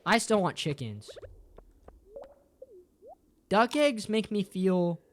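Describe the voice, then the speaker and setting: This one is slow and sing-song, with a bit of background noise behind it. It's a streamer casually joking with livestream viewers, swearing heavily, tacking "bro" onto sentences, and jumping widely in pitch throughout.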